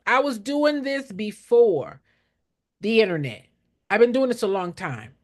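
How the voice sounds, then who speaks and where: Older lady giving it straight, preachy and repetitive, swoops up and down a lot. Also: mid-range voice. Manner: blunt, preachy, repeats lines for emphasis. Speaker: nonprofit consultant. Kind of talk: direct motivational teaching to camera.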